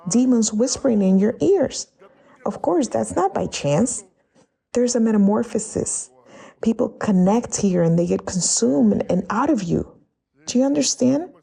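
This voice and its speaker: Gravelly-voiced woman preaching a sermon. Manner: acts out quoted voices in a high excited tone.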